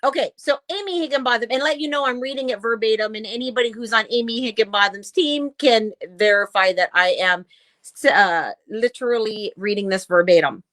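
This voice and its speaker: A woman's voice: fairly high pitch, brisk, a bit bright, dry recording. A woman co-hosting a casual talk show, ranting bluntly and swearing as she reads posts aloud. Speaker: podcast co-host. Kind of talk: casual chat.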